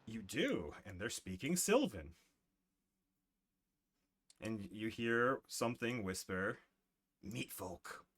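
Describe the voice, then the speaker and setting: A young man narrating as game master in a casual, halting way with fillers. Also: on the low side, big pitch swings, fairly bright tone.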